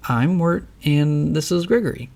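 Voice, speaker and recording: A man's voice: fairly high pitch, moderate pace, vocal fry, a little mellow, a little hiss or hum, pitched above the performer's own voice. A man doing a stammering, nervous teenage boy. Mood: hesitant. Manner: hesitant, stammering.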